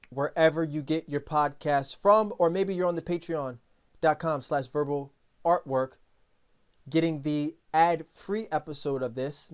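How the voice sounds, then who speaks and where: A man hosting a podcast in casual talk, telling stories in a rambling, animated way with many restarts. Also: on the high side, clear, resonant tone. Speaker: podcast host.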